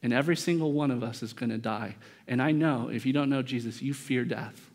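A man's voice: medium pitch, a little fast. A male pastor preaching a sermon in a conversational way, acting out the quoted speakers as short bits of dialogue.

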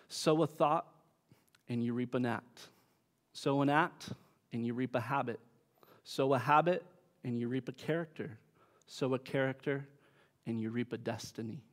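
A man preaching a sermon, emphatic, with his force rising and falling. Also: medium pitch. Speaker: pastor.

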